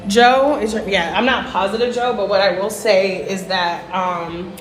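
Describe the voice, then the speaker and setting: A woman's voice: medium pitch, fairly even intonation, unhurried, soft background music. A woman hosting a casual travel livestream from her phone, chatting to viewers as she walks and swearing casually. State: out of breath. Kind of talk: casual livestream chat while walking.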